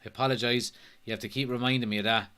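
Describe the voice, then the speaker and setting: Racing along in a smooth, mid-range voice, a young man hosts a live football watchalong, reacting excitedly, swearing often, and reading out viewer comments.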